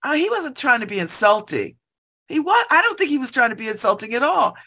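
A middle-aged woman chatting casually at home by an open window, laughing often and breaking into animated asides. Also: a little high, fairly quick. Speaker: vlogger. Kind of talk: casual monologue.

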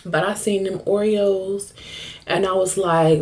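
A woman's voice: mid-range voice, fairly even intonation, slow pace, darkish tone. A young woman hosting her own podcast, chatting candidly and profanely in a joking, storytelling way. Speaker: podcast host. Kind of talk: casual solo podcast chat.

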